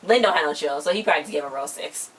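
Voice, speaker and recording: A woman's voice: low voice, racing, a crowd in the background, low-quality recording. A woman chatting casually as she recaps a TV dance show with a friend, gossiping and acting out what the judges and dancers said. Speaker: recap vlogger. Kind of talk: casual chat.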